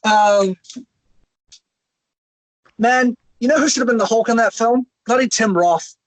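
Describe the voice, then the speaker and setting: A man's voice: very high-pitched, dry recording, poor audio. Opinionated man on a dry call mic. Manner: opinionated, thinks aloud with pauses. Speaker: panelist. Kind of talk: casual film discussion. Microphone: video call.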